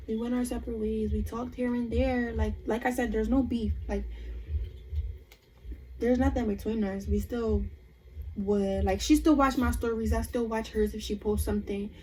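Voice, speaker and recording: A young woman vlogger in casual storytime chat, animated as she retells a fight and quotes the other people in it. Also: fairly high pitch, measured pace, a little hiss or hum, low-quality recording.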